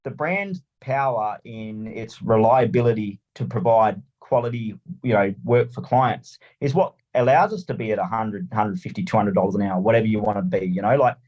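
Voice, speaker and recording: An Australian man telling a story on a podcast, animated and swearing, acting out little scenes. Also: on the low side, dull audio. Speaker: lawn mowing franchisee guest.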